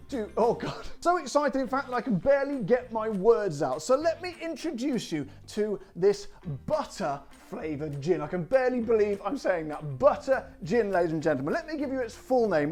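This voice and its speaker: A man hosting a gin review show, talking to camera with theatrical, exuberant emphasis. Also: high voice. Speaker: gin reviewer and channel host. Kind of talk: presenting a product review to camera.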